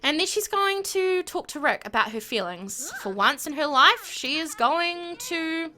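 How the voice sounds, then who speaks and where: A woman's voice: high voice, lively intonation, a little slow, bright, forceful tone. A woman hosting a gameplay video, narrating in an emphatic, chatty way with lots of fillers. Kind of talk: casual gameplay commentary.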